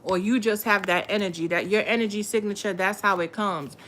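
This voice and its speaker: A woman's voice: medium pitch, steady tone, a little fast, a bit bright. Woman tarot reader, casual and profane, heavy slang, mid-range voice, faint background noise. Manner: profane, blunt, repetitive; slangy, talks straight to viewers.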